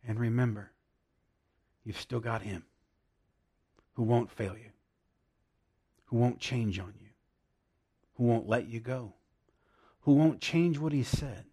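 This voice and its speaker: A man preaching a devotional sermon, emphatic and repeating key lines slowly, at times dropping to hushed praise. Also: mid-range voice, slightly rough.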